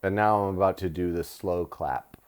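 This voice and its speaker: A man's voice: deep voice, normal speed, clean tone. Joking man with a cold, co-hosting. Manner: jokey, swears freely, bursts into silly voices. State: has a cold. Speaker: co-host. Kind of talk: casual movie-watching banter. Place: living room couch at home.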